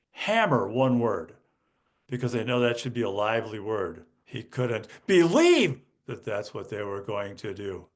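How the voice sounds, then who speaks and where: A man being interviewed on a podcast, explaining how teachers build speaking skills. He talks in a mid-range voice and acts out classroom lines with lively, shifting emphasis. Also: mid-range voice. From United States. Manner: animated, demonstrates emphasis by acting out student lines. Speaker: guest, educational consultant.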